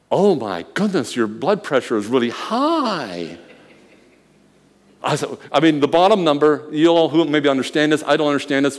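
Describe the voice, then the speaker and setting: Male preacher, fairly high voice, storytelling sermon, long reverb from a hall. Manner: storytelling, swings from quiet murmurs to loud emphatic bursts.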